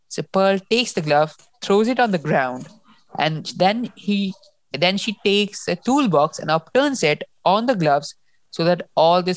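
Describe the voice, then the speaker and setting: A woman's voice: low voice, dry recording. A woman co-hosting a casual book discussion, talking emotionally and often restarting as she reacts to the story. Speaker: podcast co-host.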